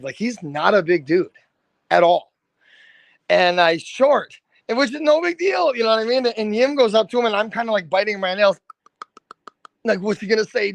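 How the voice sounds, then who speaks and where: A man, a rock band's lead singer, telling stories as a podcast guest in a loose, animated way, swearing freely and saying "dude" a lot. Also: high-pitched, creaky, no echo. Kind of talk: casual storytelling.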